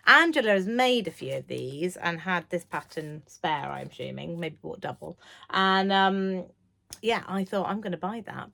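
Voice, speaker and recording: With a mid-range, creaky voice, a woman in her thirties chats to camera about sewing from her sewing room at home. As a sewing vlogger she's gushing and talkative, slipping into a whisper whenever excitement takes hold.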